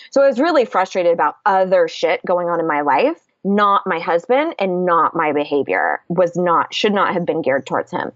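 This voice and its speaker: A woman's voice: fairly low pitch, expressive, normal speed, hardly any pauses, no echo, muffled recording. A woman coach talking candidly and casually in a podcast interview, swearing freely as she explains her method. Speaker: guest, confidence coach.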